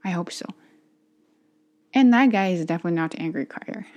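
Woman, tired, earnest, self-reflective, halting speech, casual vlog monologue, slightly low voice. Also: a little mellow. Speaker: channel host practicing English.

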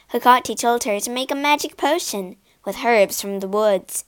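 A woman narrating a storybook for English learners, reading slowly, clearly and expressively. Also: on the high side.

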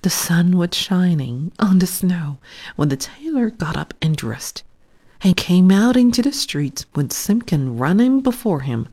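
A woman reading a children's story aloud in a soft, hushed, whispered storytelling voice. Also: fairly low pitch, very animated, unhurried.

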